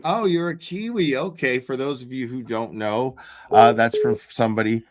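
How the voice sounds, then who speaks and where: A man's voice: medium pitch, moderate pace, noisy background. Laid-back man hosting a call-in stream. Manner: laid-back, swearing, says "right on". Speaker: livestream host. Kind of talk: casual call-in livestream.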